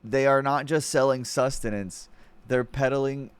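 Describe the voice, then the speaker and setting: A man's voice: medium pitch, fairly even intonation, measured pace, smooth, no room sound. A man streaming casual reaction commentary, mocking and swearing freely, laughing often between remarks.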